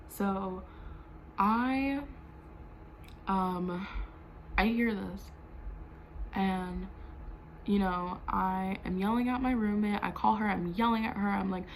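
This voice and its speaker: A woman's voice: mid-range voice, normal speed, a little hiss or hum, rough recording. A young adult woman telling a storytime vlog in a heated, profane way, full of "like" fillers. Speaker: vlogger.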